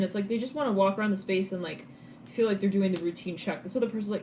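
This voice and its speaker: A woman giving a live tarot reading in a chatty, casual way, laughing often and breaking into quick asides. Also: medium pitch, darkish tone, a little hiss or hum. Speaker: tarot reader.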